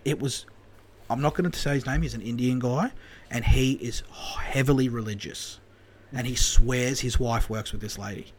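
A young Australian man spins an animated yarn on a casual podcast, swearing freely and dropping in voices for the people in the story. His voice sits at an ordinary middle pitch. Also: normal speed, slight background noise. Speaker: podcast co-host.

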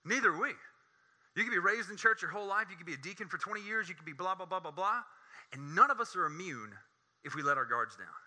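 Bright, animated preaching man. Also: fast talker. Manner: animated, joking, climbs high when excited. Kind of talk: sermon.

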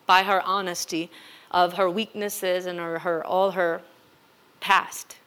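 A woman's voice: lowish voice, level tone, slow, fairly bright tone, clear, resonant tone. A woman pastor giving a sermon in a conversational way, building to emphatic exhortation.

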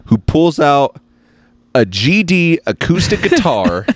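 A man's voice: fairly high pitch, sing-song, slow pace, dry recording. Man, emphatic, playful rant, casual podcast chat. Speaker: podcast host. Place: outdoor patio around a bonfire.

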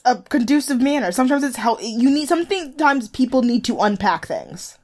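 Young woman co-host, loose and animated, laughs easily, conversational recap talk. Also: moderate pace. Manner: animated, laughs often, jumps to high squeals when mimicking. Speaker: podcast co-host. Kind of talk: casual chat.

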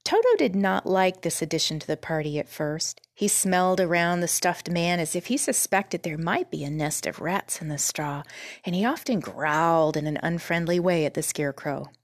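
A woman narrating a children's book in a calm, measured reading voice. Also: lowish voice, dry recording, clean studio sound. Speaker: storyteller.

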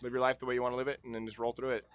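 A man's voice: mid-range voice, little pitch movement, very fast. A man chatting casually as a bartender guest, rambling and laughing often. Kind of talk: casual chat.

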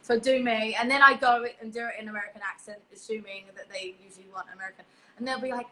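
A young woman with an English accent talks in a loose, chatty way and laughs often. Her voice sits a little high and sounds clear and bright. She hops from one thought to the next. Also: fairly even intonation, fast, slight background noise, poor audio. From England. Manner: giggly, chatty, scattered. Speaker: podcast guest. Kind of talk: casual chat.

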